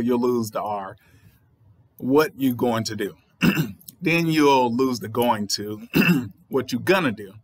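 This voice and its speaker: A man's voice: medium pitch, a bit bright, no echo. Southern man explaining a poem, dry sound. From Southern United States. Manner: thoughtful, explanatory, spells words out letter by letter. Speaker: writer and channel host. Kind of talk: poetry reading with commentary.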